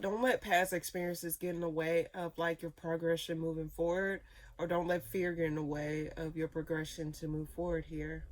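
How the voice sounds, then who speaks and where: A woman giving a casual tarot reading, talking in loose rambling sentences full of fillers, restarts and repeated phrases. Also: fairly low pitch. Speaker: tarot reader.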